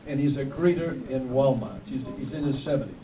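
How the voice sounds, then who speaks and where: An amateur comedian tells jokes to a live audience at a fundraiser in an event hall, rambling through his setups and laughing at his own punchlines. His mid-range voice is expressive and a little fast, full of restarts and fillers. The recording sounds distant and dull, with crowd noise.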